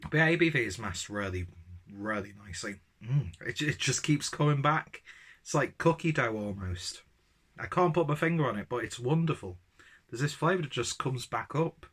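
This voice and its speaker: A man's voice: medium pitch, expressive, moderate pace, a bit bright, breathy edge. A man giving a casual, enthusiastic beer tasting review, rambling with ums and joking at his own expense.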